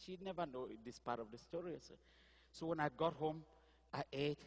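A man from Cameroon preaching a sermon, telling his own story, with quiet asides and sudden loud outbursts. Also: fairly high pitch, normal speed, big-room sound. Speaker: pastor. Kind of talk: sermon testimony.

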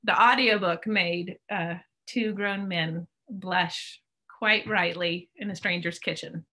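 A middle-aged woman, an author on a video call, telling lively stories and clearing her throat now and then from allergies. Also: on the low side, slow pace. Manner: animated storyteller, clears throat often. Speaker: author guest. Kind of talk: casual chat.

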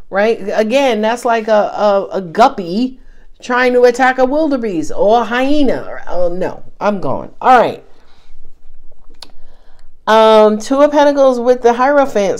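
A woman's voice: on the high side, lively intonation, unhurried, a little mellow. A woman reading tarot cards to camera in a casual, emphatic way, full of slang and calling the listener baby. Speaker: tarot reader.

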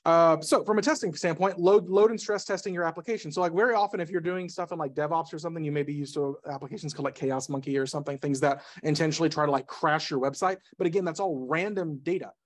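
Fast-talking man giving a tech talk. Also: fairly high pitch, steady tone. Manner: rapid, self-interrupting, jokey asides. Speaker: conference speaker. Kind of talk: casual tech presentation. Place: meetup presentation room.

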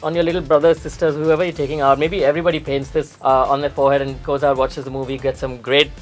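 A man hosting a makeup video, chatting with a guest in a teasing, talkative way with quick exclamations. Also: fairly high pitch, little pitch movement, soft background music. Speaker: makeup artist and host. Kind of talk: casual chat with a guest.

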